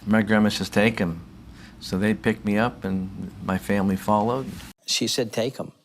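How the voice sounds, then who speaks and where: A man giving a personal testimony in an interview, telling his story as an animated storyteller who acts out the voices of others. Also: fairly low pitch, moderate pace, noisy background. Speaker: faith healer telling his story as a guest.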